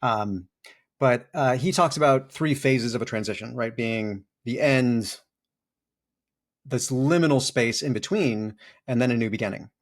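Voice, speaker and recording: A man's voice: medium pitch, normal speed. A middle-aged man with a mid-range voice talks as a podcast guest, thoughtful and open. He tells his stories with energy and slips into playful voices when quoting people. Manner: animated storytelling with playful acted-out quotes. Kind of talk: reflective interview talk.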